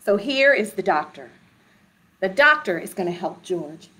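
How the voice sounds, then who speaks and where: A woman children's librarian leading a storytime for young children, animated and sing-song, coaxing them with questions. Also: mid-range voice, moderate pace.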